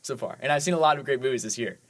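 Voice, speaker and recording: Racing along in a mid-range, slightly bright voice, a movie podcast co-host recaps films. He's casual, eager and enthusiastic, rambling and dropping "like" constantly.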